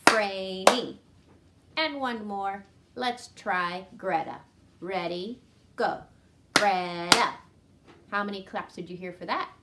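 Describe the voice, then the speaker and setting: Slow-spoken woman teacher. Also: mid-range voice, heavy background noise. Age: adult with a son. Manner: slow and sing-song, clapping syllables aloud. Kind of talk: children's lesson.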